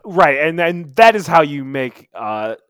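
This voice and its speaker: A man's voice: a little high, sing-song, measured pace, a bit bright, clean tone, no room sound, clean studio sound. A young man in casual chat about games and films, easygoing but sticking to his point.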